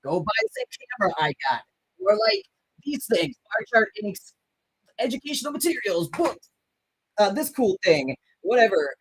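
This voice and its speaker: This livestream host has a high, slightly rough voice whose pitch swoops wildly, speaking at a normal speed while reading comments. He chats loosely, rambling, stumbling, correcting himself and swearing freely. Audio quality is poor.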